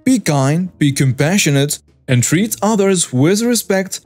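A man's voice: sits high, animated, a little slow, darkish tone, dry recording, soft background music. Man narrating a dramatic story, dry close voice. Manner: addresses listeners directly, dramatic telling.

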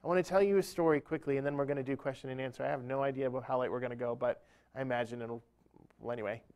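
A man's voice: medium pitch, fairly even intonation, rapid-fire, a little mellow, smooth. A man speaking at a church event, telling a humorous, self-deprecating story within a sermon-style talk.

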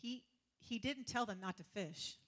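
A woman preacher, giving a lively sermon full of laughter, casual slang and sarcastic humor. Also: a little high, unhurried.

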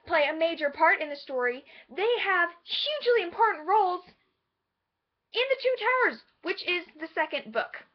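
A woman in a casual vlog, talking in an animated, sassy, enthusiastic way, on a slightly dull lo-fi recording. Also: high voice. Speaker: vlogger.

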